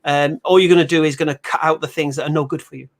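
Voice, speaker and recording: A man hosts a livestream chat. He talks quickly and animatedly, in a high voice, and acts out the quotes in his stories. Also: fairly even intonation. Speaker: host.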